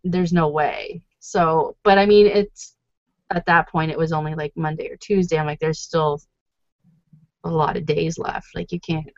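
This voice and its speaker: A woman's voice: low-pitched, fairly even intonation, normal speed, no echo. A woman co-hosting a casual recap podcast, gossiping freely and slipping into quoted asides. Her voice is dry and close, with no room sound, on a dull, lo-fi recording. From Canada. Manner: chatty, gossipy, lots of fillers and quoted asides. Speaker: podcast co-host. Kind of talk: casual chat.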